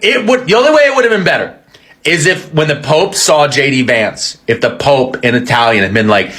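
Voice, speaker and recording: A man with a high, lively voice rants for comedy, jumping between exaggerated bits. His tone is bright and sharp, and his pitch swings a lot. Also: a little fast. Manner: animated, exaggerated storytelling. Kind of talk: comedic rant.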